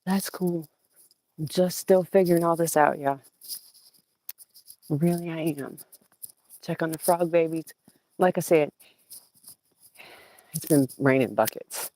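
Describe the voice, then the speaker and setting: A woman's voice: low voice, slow pace, pauses often. A woman from southeastern Virginia with a Southern accent, chatting casually and animatedly to viewers on a phone as she walks her garden. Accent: Southern American. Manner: chatty and animated, cooing at plants and greeting viewers. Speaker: gardening vlogger. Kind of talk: casual live-stream chat. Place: outdoor home garden. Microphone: old phone.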